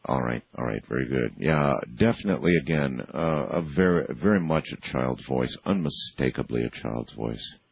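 A man hosting a radio talk show, chatty and quick to laugh. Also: rumbling low, animated, gravelly, slightly rough, muffled recording. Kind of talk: casual radio interview.

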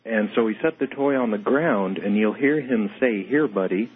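Low husky man on a tinny phone line. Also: moderate pace. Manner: matter-of-fact, explains step by step. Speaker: paranormal investigator guest.

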